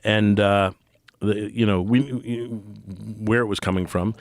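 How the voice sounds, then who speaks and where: A middle-aged man talking as a podcast guest, earnest and halting, full of fillers and restarts. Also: fairly low pitch, steady tone, dry recording, clean studio sound. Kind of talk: casual podcast conversation.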